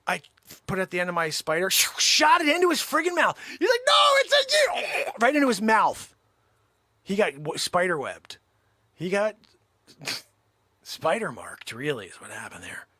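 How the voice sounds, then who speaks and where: A man hosting a comic monologue, telling a story in an animated, exaggerated way. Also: sits high, normal speed, pauses often, no echo. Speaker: host.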